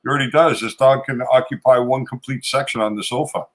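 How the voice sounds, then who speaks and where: A man co-hosting a casual chat, easygoing and quick to laugh. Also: medium pitch. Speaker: podcast co-host.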